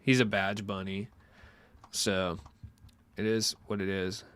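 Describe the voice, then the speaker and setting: Low-voiced casual gaming streamer, profane. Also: male voice, flat delivery, slow, a bit bright, clean tone. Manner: loose, profane, rambling with lots of fillers. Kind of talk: casual chat with stream viewers.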